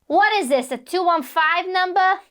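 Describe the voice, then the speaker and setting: A woman voicing an older female talent agent with a gravelly smoker's rasp, curt and no-nonsense. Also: very high voice, normal speed, fairly bright tone, pitched above the performer's own voice. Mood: brusque. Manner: curt, no-nonsense, clipped questions.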